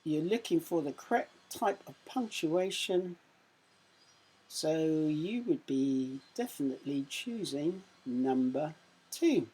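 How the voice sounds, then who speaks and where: An English woman teaching young children in a recorded lesson, her voice low and mellow. She reads quiz questions slowly, giving a little extra punch to the sound words, with a slightly husky texture. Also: lively intonation, poor audio. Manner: slow, careful quiz reading with sound-effect emphasis. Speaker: primary school teacher.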